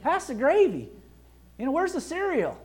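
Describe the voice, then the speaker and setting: A pastor voicing an ungrateful child who demands food at the breakfast table, in a high whiny voice. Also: wildly swooping pitch, normal speed, a little mellow.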